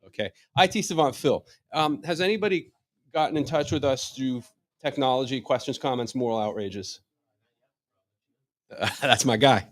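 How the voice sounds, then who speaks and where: A middle-aged chiropractor leads an informal live wellness workshop, chatty and joking, with many rhetorical questions, frequent restarts, and repeated words at the start of sentences. His voice is medium pitch at normal speed, pausing often, with no room sound.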